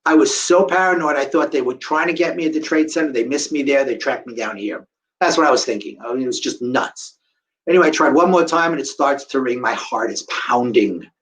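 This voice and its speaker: A man's voice: medium pitch, brisk, fairly bright tone, low-quality recording. A middle-aged man giving a live storytelling talk to an audience, acting out the voices of the people in his story. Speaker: guest speaker telling a survivor story.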